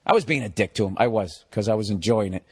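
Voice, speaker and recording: A man, a comedian, telling a story in a loud, profane, animated way and laughing as he goes. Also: fairly low pitch, quick pace, breathy edge, no room sound. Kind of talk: casual comic storytelling.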